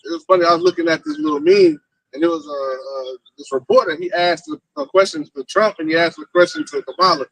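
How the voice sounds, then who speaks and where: A man in a religious group discussion, talking in an animated, mocking way. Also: fairly high pitch, fast talker, creaky, no room sound, rough recording. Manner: animated, mocking, does voices in his retellings.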